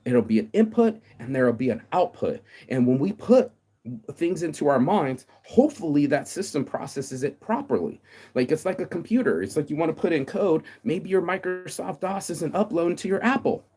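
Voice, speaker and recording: A man in his thirties delivering a rambling, profane motivational monologue, stammering and repeating words, with sudden loud outbursts. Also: fairly high pitch, lively intonation, normal speed, slightly rough. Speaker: vlogger.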